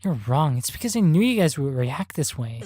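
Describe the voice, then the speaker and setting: A woman reading aloud the lines of a cold, guarded teenage girl assassin from a video game, in a plain, flat voice. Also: low voice, moderate pace, breathy edge, full character voice.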